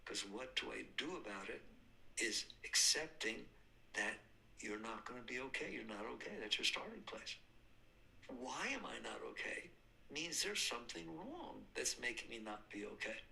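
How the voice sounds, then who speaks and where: A man's voice: mid-range voice, animated, normal speed, creaky, sharp tone, low-quality recording. An older man giving a spiritual talk, emphatic, repeating points and answering his own questions. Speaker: spiritual teacher.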